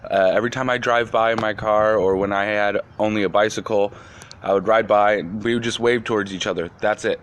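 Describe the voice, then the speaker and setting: A man's voice: fairly low pitch, fairly even intonation, brisk. A man telling a casual storytime about a neighbor, sincere and heartfelt. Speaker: storyteller recounting meeting a neighbor. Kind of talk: casual storytime to phone camera.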